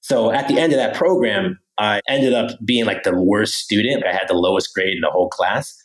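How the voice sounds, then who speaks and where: A young American man, a podcast guest, telling stories in a lively, casual way, often adding "right?" and "you know". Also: lowish voice, normal speed, low-quality recording. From Pennsylvania, USA. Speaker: podcast guest, language teacher. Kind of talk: casual storytelling interview.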